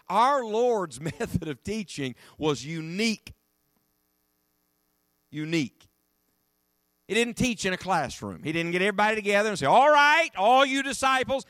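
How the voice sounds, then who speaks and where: A middle-aged man preaching a sermon in an animated, emphatic way, voice rising and falling. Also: on the high side, no room sound, clean studio sound.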